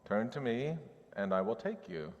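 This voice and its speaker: A commanding voice of God, put on by a preacher, firm and unbending. It sits fairly low and rings with a long reverb. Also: male voice, very animated, normal speed, a little mellow, highs cut off. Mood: stern. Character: firm, demanding male God speaking to a prophet.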